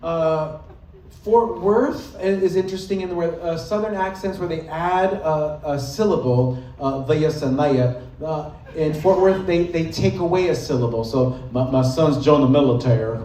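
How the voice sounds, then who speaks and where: A man's voice: a little high, unhurried, dark tone, far from the mic, a little hiss or hum. A man performing a live stand-up set on a club stage, playful and loose, slipping into mock regional accents. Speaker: stand-up comedian. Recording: roomy live club sound with music.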